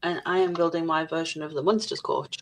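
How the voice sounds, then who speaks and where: A woman's voice: sits low, fairly even intonation, a little fast. A woman co-hosting a casual livestream, reading viewers' comments aloud in a blunt, sweary way.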